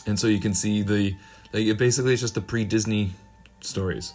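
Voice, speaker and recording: A man's voice: lowish voice, steady tone, fairly quick, darkish tone, soft background music. A man hosting a podcast in casual chat, rambling, trailing off and restarting, and swearing freely. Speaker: podcast host.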